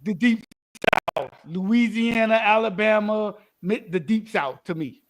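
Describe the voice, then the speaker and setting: A man with a notably high voice talks in loose podcast banter. He is blunt and opinionated and swears freely. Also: a little slow, noisy background. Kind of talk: casual group chat.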